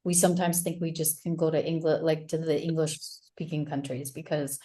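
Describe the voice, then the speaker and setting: Lowish-voiced woman interviewer asking questions. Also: fairly even intonation, moderate pace, dark tone. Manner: rambling, many fillers and restarts, encouraging questions. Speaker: interviewer and retreat host. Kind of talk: casual interview.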